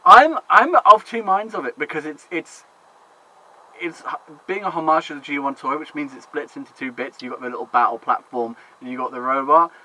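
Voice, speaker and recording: Rambling man, bright voice. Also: on the high side, fairly quick, rough recording. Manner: rambling, swearing, laughs often. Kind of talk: casual chat. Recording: faint background noise.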